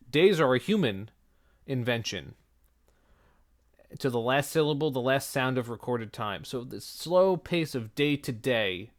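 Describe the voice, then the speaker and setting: Guy teaching a text line by line, mid pitch, chatty, asks himself questions. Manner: conversational, asks rhetorical questions and answers them. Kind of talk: explaining a literary text line by line.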